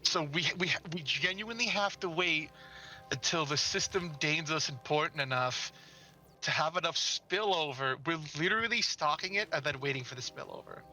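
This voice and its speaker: Brief: bright-voiced, fairly high man; playful, sweary game streamer over faint music. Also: normal speed. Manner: playful, swears freely, sings nonsense syllables. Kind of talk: casual gaming chat.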